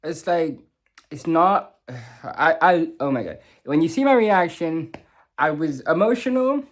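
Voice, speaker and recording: A young man talks through a TV finale in a loose, rambling vlog. His voice sits a little high, and he stops, restarts and swears as he goes. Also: lively intonation. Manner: emotional, halting, swears, many fillers and restarts. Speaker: vlogger reviewing a TV show. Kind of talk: casual rambling reaction review.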